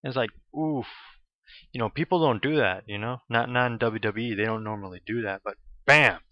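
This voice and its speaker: A man's voice: medium pitch, no room sound, highs cut off. Sarcastic, swearing man reviewing wrestling. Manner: profane, sarcastic, rambling with quick asides. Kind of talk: casual spoken review.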